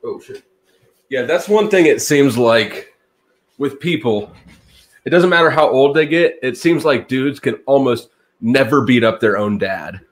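A man's voice: medium pitch, lively intonation, unhurried. Blunt, swearing man telling stories. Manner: blunt storytelling, swears freely, laughs mid-story. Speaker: guest. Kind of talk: casual conversation.

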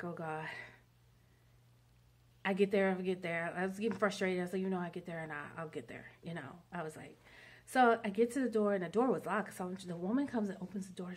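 A woman vlogger telling a long story in a rambling, chatty monologue. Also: mid-range voice. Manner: chatty, rambling, many fillers.

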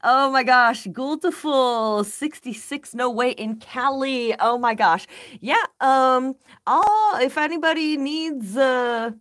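A woman's voice: high voice, slow pace, fairly bright tone. A woman hosting a casual game live stream, upbeat and easygoing, greeting viewers by name and chatting between moves. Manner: laid-back slang like "rock on" and "baby".

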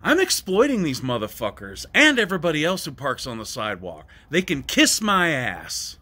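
A man's voice: a little high, wildly swooping pitch, normal speed, husky. Angry swearing man ranting. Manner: agitated, swears a lot, shouts at times. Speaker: vlogger. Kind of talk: angry personal vlog rant.

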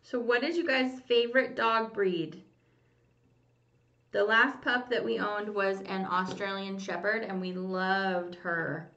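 Chatty woman hosting a gravelly lo-fi livestream. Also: mid-range voice, fairly even intonation, slow pace, a bit bright, recorded from a distance. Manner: chatty, reads comments aloud, hums while waiting. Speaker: livestream host. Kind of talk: casual livestream chat. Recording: lo-fi roomy home stream audio.

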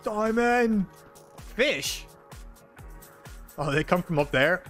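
Excitable young man streaming a game. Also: high voice, slow, long pauses, soft background music. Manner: excitable, swears, shouts and laughs at the game. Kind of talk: live game commentary.

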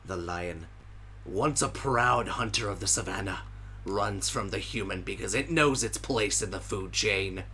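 A man voicing a male nature documentary narrator with a New Zealand accent, in a low, breathy, half-whispered delivery. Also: unhurried, bright, forceful tone, slight background noise. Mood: hushed.

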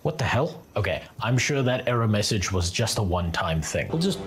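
A man's voice: on the low side, very animated, brisk. A man reading scripted gameplay narration for a game review, with wry, sarcastic humor.

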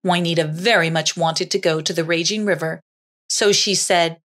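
A woman narrating a children's story in a slow, expressive reading voice. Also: on the low side.

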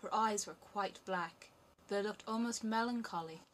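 A woman's voice: mid-range voice, unhurried, slight background noise. Woman reading a fairy tale aloud. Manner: steady, clear storytelling. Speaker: audiobook narrator. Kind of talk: scripted fairy-tale narration.

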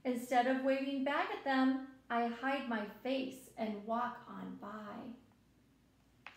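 A woman with a high, bright voice reads a picture book to little children, slow and unhurried. She is gentle and expressive, stopping to point things out to her young listeners. The room adds a noticeable echo. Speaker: children's story time reader.

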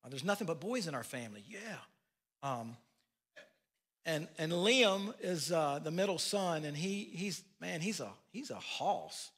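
A man's voice: on the high side, animated, measured pace, a bit bright, husky. An older man preaching a sermon as pastor, telling folksy family stories with asides. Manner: folksy storytelling with laughs and asides.

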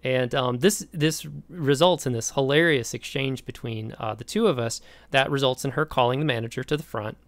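An American man giving a recorded lecture, telling a story from his own life in an animated way. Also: medium pitch, moderate pace, hardly any pauses, no echo. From United States. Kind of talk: recorded lecture with a personal anecdote.

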